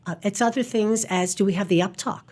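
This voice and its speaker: A woman's voice: mid-range voice, a little fast, a little mellow, husky. A middle-aged woman, a communication coach, speaking as a guest in a podcast interview, articulate and emphatic.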